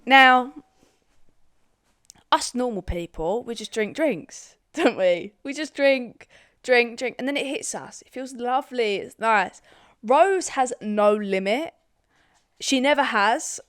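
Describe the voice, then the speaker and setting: A woman's voice: a little high, animated, takes it slowly, fairly bright tone, clear, resonant tone, no echo, studio quality. A young Scottish woman co-hosting a podcast, chatting casually, swearing freely and laughing often. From Scotland. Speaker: podcast co-host. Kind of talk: casual chat.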